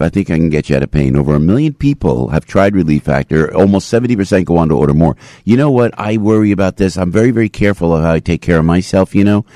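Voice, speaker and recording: An older man hosting a talk radio show, chatting and doing a live ad read in a lively, jokey way that swings between loud and soft. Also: deep voice, quick pace, hardly any pauses, no echo, clean studio sound. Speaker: radio host. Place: radio studio. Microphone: studio microphone.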